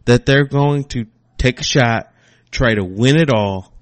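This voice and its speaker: A man co-hosting a casual podcast, teasing and quick to laugh. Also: medium pitch, dry recording. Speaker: podcast co-host.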